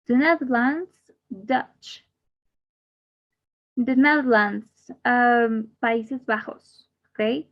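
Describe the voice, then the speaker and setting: Woman teacher in an online class, says every word twice real slow, kinda high voice. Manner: repeats each word twice, slow and deliberate. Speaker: English teacher. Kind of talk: slow drilled pronunciation lesson. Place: online class, speaking to a camera. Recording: slightly dull lo-fi audio.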